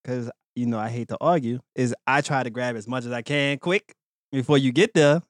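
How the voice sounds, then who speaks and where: A man's voice: medium pitch, fairly quick, dry recording, studio quality. A laid-back man co-hosting a podcast in casual chat, easygoing with frequent restarts. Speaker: podcast co-host.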